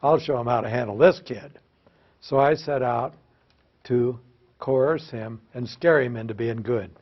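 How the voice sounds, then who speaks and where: A man's voice: medium pitch, a little slow, dull audio. An older American man, a former teacher, telling self-mocking stories to an audience and asking them questions. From United States. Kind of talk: humorous storytelling talk to an audience.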